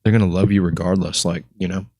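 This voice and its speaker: A man's voice: low voice, little pitch movement, fast, warm tone, dry recording, studio quality. Rambling, jokey man hosting a podcast. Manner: rambling, jokey, mimics people in quoted voices. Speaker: podcast host. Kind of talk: casual podcast chat.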